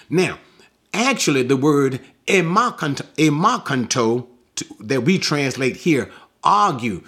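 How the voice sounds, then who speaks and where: A man's voice: on the high side, fairly bright tone. A man teaching through a bible passage verse by verse, emphatic, repeating key words and asking rhetorical questions.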